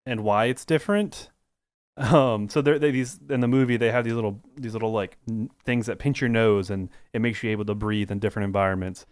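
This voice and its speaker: A man with a lowish, smooth, clean voice chats casually as a podcast co-host. He rambles along, stacking "like"s and restarting his sentences. The sound is close and dry. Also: steady tone, fairly quick, dry recording.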